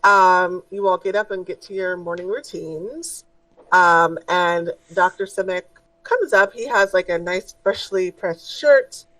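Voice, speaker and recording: Woman game master, relaxed narration, low-ish pitch, dry and a bit distant mic. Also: measured pace, dry recording. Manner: relaxed, filler-heavy narration.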